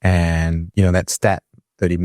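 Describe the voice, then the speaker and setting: A man with a very low voice, talking loosely on a podcast. He rambles, restarts his sentences and fills gaps with "like" and "um". The sound is close and dry. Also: little pitch movement, unhurried, darkish tone, no echo. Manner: rambling, hesitant, many restarts and fillers. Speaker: podcast co-host. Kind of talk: casual chat.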